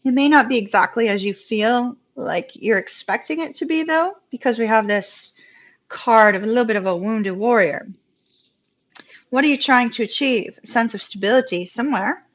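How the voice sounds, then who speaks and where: A woman with a Southern US accent giving a live tarot reading, chatty and reassuring and quick to laugh. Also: fairly high pitch, expressive. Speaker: tarot reader. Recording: dull lo-fi live-stream audio.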